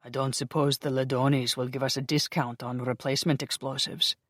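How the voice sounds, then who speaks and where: A surly male Highlander vampire soldier, put on by the audiobook narrator, with a thick Scottish brogue and a low, clipped growl. He sounds bossy and short-tempered, and the voice has a different timbre from the narration around it, recorded dry and close. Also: level tone, a little fast, fairly bright tone, no echo, close to an everyday voice. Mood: gruff.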